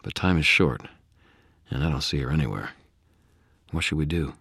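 A man voicing a calm, devout knight with an earnest, composed manner for an audiobook. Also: very deep voice, normal speed, breathy edge, no room sound, clean studio sound, full character voice. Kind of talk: audiobook character voice.

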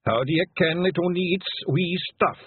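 A dim, earnest little pixie warrior with a Scottish burr, put on by a man. He sounds puzzled and plods through his words in a raised, husky voice. The audio is thin like a phone line. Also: high voice, normal speed, pitched above the performer's own voice.

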